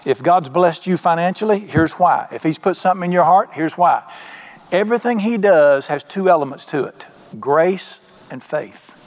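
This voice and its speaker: A man preaching a sermon in a folksy, conversational way, slowing down for emphasis. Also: high voice, animated. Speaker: pastor.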